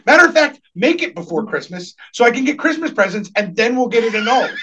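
A young man co-hosting a podcast, excitable and profane, telling stories between bursts of laughter. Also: very high-pitched, normal speed, husky, highs cut off. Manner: excitable, swearing, laughing storyteller. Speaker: podcast co-host. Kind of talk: casual chat.

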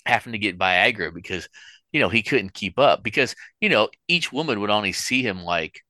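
A middle-aged man with a low, bright, forceful voice rambles through stories in a casual chat, full of restarts. The sound is close and dry. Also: lively intonation, moderate pace, no echo. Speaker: podcast co-host.

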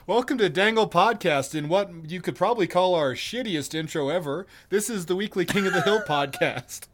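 A man's voice: sits high, animated, normal speed, background noise. A man co-hosting a casual podcast, joking crudely and swearing freely. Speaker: podcast co-host. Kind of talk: casual chat.

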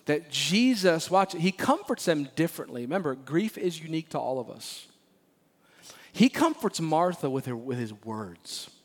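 Lively pastor preaching a sermon. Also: male voice, fairly high pitch, normal speed. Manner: animated and playful, acting out Bible figures; repeats phrases, emphatic delivery. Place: church sanctuary.

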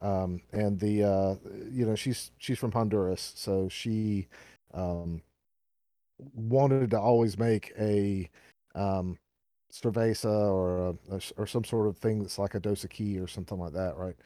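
A man's voice: fairly low pitch, a little slow, warm tone, no room sound, clean studio sound. A man with a Southern US accent co-hosting a casual podcast, rambling with lots of fillers and restarts. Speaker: podcast co-host.

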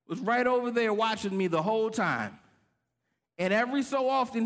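A man preaching a sermon, telling a story with animated delivery and acting out the voices of others. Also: very high voice.

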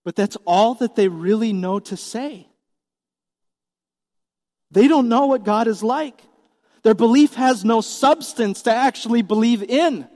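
A man's voice: extremely high pitch, unhurried, pauses often, a little mellow, in a large hall. A man in his forties preaching a sermon as pastor, earnest and emphatic, asking the congregation questions. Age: 40s.

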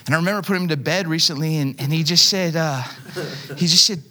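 Speaking fast in a slightly high, sharp voice, this pastor delivers a loose, conversational sermon. He tells stories at his own expense and fills his talk with frequent fillers.

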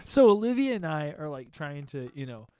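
A man's voice: fairly high pitch, sing-song, fairly quick, mellow, clean tone, no room sound. A young man telling a funny story in casual chat, acting out his friends' voices and laughing often.

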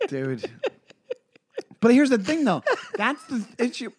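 A man's voice: very high-pitched, extremely slow, slightly rough. A man in his forties, a comedian co-hosting a podcast, telling stories in casual chat with lots of swearing and restarts. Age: 40s. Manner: animated, swearing, many restarts.

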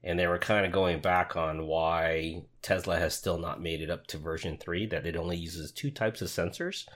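A man's voice: sits low, fairly even intonation, normal speed, a bit bright. A man co-hosting a podcast in casual chat, thinking aloud and often restarting his sentences. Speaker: podcast co-host.

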